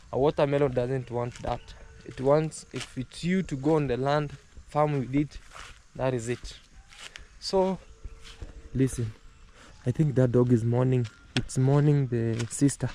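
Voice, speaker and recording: A man's voice: medium pitch, warm tone, slight background noise. A man vlogging outdoors as he walks his home farm, talking in a loose, rambling way with many fillers and repeated phrases. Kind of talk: casual walk-and-talk vlog.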